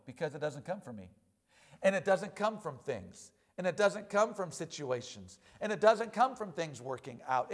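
A man preaching a sermon in an animated way, often calling out "amen?" and "hallelujah.". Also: sits high.

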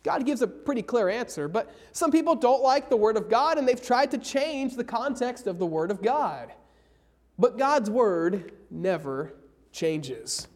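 A man preaching a sermon, slowing down hard on key phrases and reading scripture aloud. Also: extremely high pitch, animated, darkish tone. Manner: emphatic, slows down for key phrases.

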